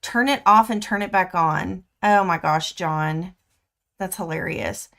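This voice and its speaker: An older woman, chatting excitedly and laughing easily as host of a quilting livestream. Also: lowish voice, unhurried, creaky. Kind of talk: casual chat to live viewers. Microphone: webcam livestream.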